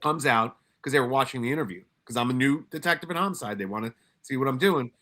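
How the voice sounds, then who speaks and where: At a workshop, a middle-aged man who used to work homicide rattles off blunt, profane stories in a candid storytelling way, restarting often. He talks fast, with a medium-pitched voice that's a bit bright.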